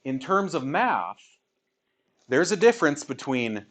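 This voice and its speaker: A man's voice: mid-range voice, very animated, takes it slowly, a bit bright. A man teaching a math class in a classroom, talking casually and chatty as he explains. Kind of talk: classroom lecture.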